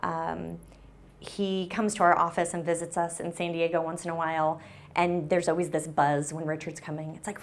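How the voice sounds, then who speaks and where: A woman's voice: fairly low pitch, steady tone, moderate pace. A woman giving a conference keynote talk on a stage mic, upbeat and chatty, with lots of ums and "right?". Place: conference room with an audience. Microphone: handheld or stage mic that briefly cut out.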